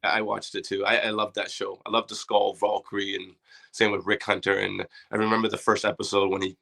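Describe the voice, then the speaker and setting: A man's voice: lowish voice, flat delivery, fairly quick, gravelly, sharp tone. A man from Canada, a guest chatting on a podcast about his toy collection in a loose, enthusiastic way. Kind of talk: casual podcast chat.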